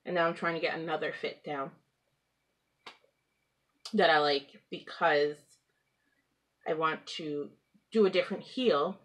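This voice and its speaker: A woman hosting a home craft podcast, talking casually and rambling, often laughing and clearing her throat. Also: deep voice, a little slow, pauses often. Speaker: knitting podcast host. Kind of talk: casual craft chat to camera. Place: at home with pets.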